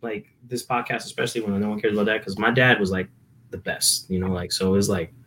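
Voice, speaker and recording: A man's voice: fairly low pitch, fairly even intonation, quick pace, fairly bright tone, a little hiss or hum. A young man from New Jersey, a musician guest chatting casually on a podcast, telling stories in a rambling way full of fillers. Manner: rambling, filler-heavy storytelling.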